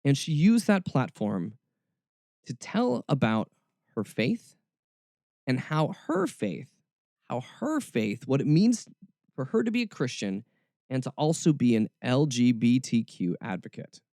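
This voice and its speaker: Expressive male podcast host. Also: medium pitch, unhurried, no room sound, studio quality. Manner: expressive, emphatic, sarcastic asides. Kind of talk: podcast commentary.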